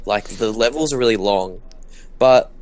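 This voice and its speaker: A young man with a slightly low voice chatting casually during a game session. He rambles through ideas, leaning on filler words, and sounds upbeat. He talks into a headset or desk mic. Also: normal speed. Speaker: gaming co-host. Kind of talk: casual chat while playing a game.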